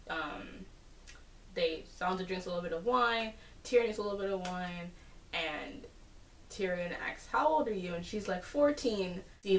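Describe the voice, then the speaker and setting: A woman giving a casual, chatty episode recap, full of fillers and animated asides. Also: medium pitch. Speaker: TV episode reviewer. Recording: roomy, distant from the mic.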